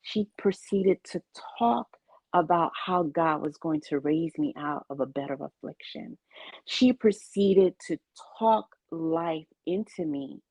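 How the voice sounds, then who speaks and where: A woman's voice: sits low, slow pace, a little mellow, slightly rough, no echo. A woman giving an interview, telling her personal story of illness and faith with earnest storytelling and quoted dialogue. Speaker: interview guest.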